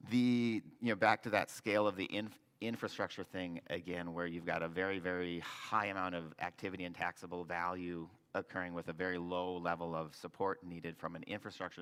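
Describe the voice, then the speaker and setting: A man's voice: low-pitched, sharp tone. A man, a local developer, presenting slides to an audience with earnest, restart-filled explanations. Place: meeting hall with audience. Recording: long hall reverb.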